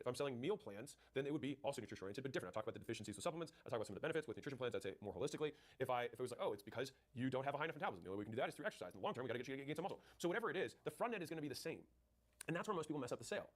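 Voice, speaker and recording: A man rattles through sales advice at a breakneck clip in an ordinary mid-range voice. He is punchy and direct, acting out lines from sales calls as he coaches. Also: mid-range voice. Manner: rapid, punchy, acts out sales dialogue. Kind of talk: fast sales coaching talk.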